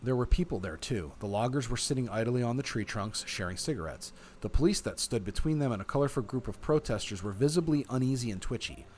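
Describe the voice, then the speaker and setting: A man streaming a text game, reading its narration aloud with relaxed, chatty asides. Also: mid-range voice, quick pace, few pauses, slight background noise.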